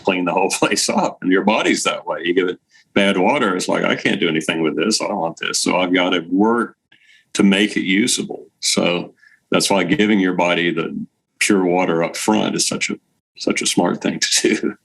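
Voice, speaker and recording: A man with a very low, gravelly voice. He talks in a relaxed, casual way as an interview guest. He tells stories with plenty of fillers. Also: moderate pace, poor audio. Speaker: guest, light therapy device maker.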